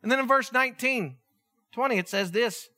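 A man preaching a sermon, retelling a story with lively asides and acted-out voices. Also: very high voice, normal speed. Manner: animated storytelling, acting out voices, chuckling asides.

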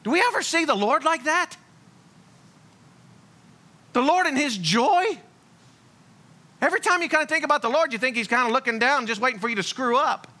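A man preaching a sermon in a lively, blunt, joking way. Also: extremely high pitch. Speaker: pastor.

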